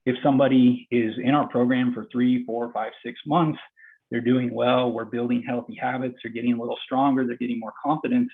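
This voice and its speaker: Male therapist, gravelly and husky, coaching while exercising, thin call-line sound. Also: mid-range voice, little pitch movement, brisk, narrow, tinny audio. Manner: talks while exercising, plain and encouraging. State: out of breath. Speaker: physical therapist demonstrating exercise. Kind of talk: instructive explanation during a live demo.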